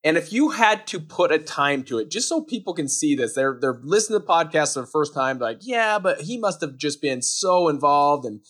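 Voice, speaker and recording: A podcast host with a fairly high voice speaks with lots of hype. His delivery is salesy and playful as he cheers on the guest's wins. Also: lively intonation, normal speed, few pauses, a bit bright. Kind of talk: enthusiastic podcast hosting.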